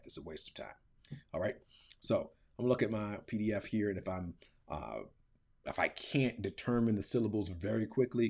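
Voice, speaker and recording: Low-voiced man thinking aloud. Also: a little mellow, husky. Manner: casual, thinking aloud with filler words. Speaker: teacher. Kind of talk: screen-recorded classroom tutorial.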